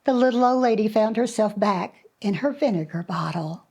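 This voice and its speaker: A woman storyteller telling a fairy tale to children in an animated, expressive way with dramatic pauses. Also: medium pitch, husky.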